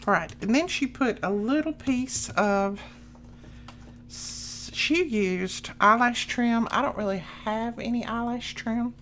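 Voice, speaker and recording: A woman's voice: a little high, takes it slowly, fairly bright tone, a little hiss or hum. A middle-aged woman hosting a crafting channel, chatting casually and rambling homey stories as she works.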